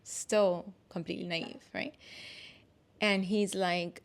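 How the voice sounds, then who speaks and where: A woman in her thirties, a podcast co-host, telling a personal story in a casual, animated way and acting out the people she quotes. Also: medium pitch, normal speed. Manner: animated, acts out quoted voices.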